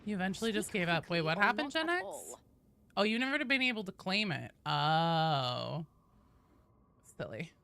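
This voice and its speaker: A woman's voice: fairly low pitch, sing-song, normal speed, gravelly, fairly bright tone. A woman streaming a game, chatting casually with her viewers, playful and swearing, reading the chat aloud. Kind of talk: casual live-stream chat while gaming.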